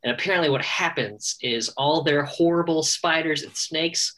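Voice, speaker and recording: A man co-hosting a casual podcast, telling wry, animated stories. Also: on the high side, moderate pace. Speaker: podcast co-host. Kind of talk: casual chat.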